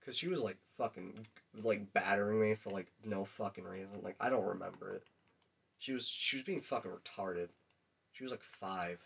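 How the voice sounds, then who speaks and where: A man's voice: on the low side, normal speed, creaky, fairly bright tone, husky. Profane young man on a lo-fi podcast. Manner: crude, profane, rambling storytelling. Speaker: podcast co-host. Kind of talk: casual podcast chat. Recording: dull lo-fi recording.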